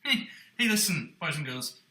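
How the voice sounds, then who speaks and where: Gentle coaxing male puppeteer host. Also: on the high side, big pitch swings, moderate pace. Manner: gentle, coaxing, addresses children. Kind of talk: children's puppet show presenting. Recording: roomy echo.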